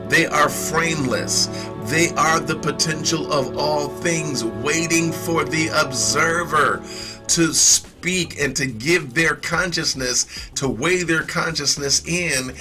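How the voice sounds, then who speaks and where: Slow, emphatic man teaching a sermon. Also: mid-range voice, pushed and bright. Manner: slow, emphatic, repeats phrases.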